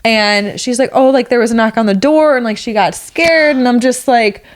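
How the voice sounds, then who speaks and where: A woman's voice: a little high, normal speed. A young woman, co-hosting a podcast and telling a story in casual chat, full of fillers and acted-out quotes. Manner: chatty, filler-heavy, acts out quotes. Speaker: podcast co-host.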